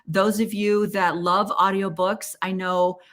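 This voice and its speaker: A woman's voice: medium pitch, level tone, slow pace, a bit bright. A woman hosting a podcast, talking in an earnest, chatty and encouraging way. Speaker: podcast host. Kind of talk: casual solo podcast talk.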